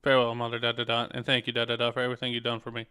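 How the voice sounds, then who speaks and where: A man's voice: mid-range voice, very fast, clear, resonant tone, lightly acted. A man reading aloud, in his own plain voice, the lines of a young male soldier saying goodbye to his mother, speaking the ellipses as words. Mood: earnest. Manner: reads game text aloud flatly, saying the ellipses as words. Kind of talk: reading game dialogue aloud on stream.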